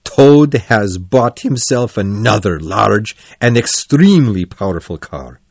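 A man voicing a serious, commanding male badger who speaks loudly and firmly in a storybook reading. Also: lowish voice, no room sound. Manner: loud, firm and solemn.

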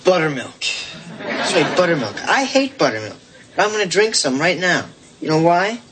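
An actor playing a young man, the teenage son, joking and animated in a sitcom. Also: on the high side, moderate pace, background noise. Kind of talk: sitcom acting. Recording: sitcom audio with studio audience laughter.

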